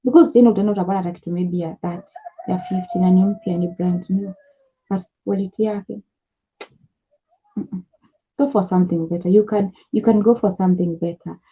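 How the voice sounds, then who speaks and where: A young Kenyan woman talks through business tips in a casual, repetitive coaching style, moving between English and Swahili. Her voice is a little husky. The recording sounds dull and lo-fi. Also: fairly low pitch, fairly even intonation, fairly quick. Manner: chatty, repeats key points, mixes English with Swahili. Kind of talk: casual advice talk to camera.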